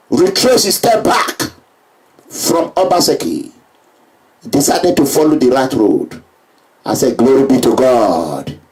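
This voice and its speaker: A Nigerian man giving an emphatic public address, repeating himself and breaking into shouts. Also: high voice, recorded from a distance. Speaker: political speaker.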